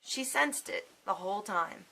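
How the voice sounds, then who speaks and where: A woman's voice: medium pitch, expressive, a little slow, creaky, sharp tone, slightly rough. A woman in her thirties telling a personal story to camera in a casual vlog, emotional and swearing freely. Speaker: vlogger.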